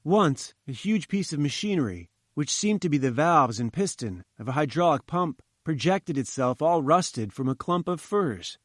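A man's voice: on the high side, big pitch swings, normal speed, few pauses, no echo, studio quality. Man narrating a classic adventure story. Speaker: audiobook narrator. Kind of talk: scripted narration.

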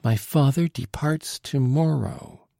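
A man reading an audiobook, voicing an anxious young noblewoman who questions urgently in a raised, lively voice. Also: medium pitch, normal speed, gravelly, breathy edge, dry recording, clean studio sound, voice pushed up. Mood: alarmed. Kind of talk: audiobook character voice.

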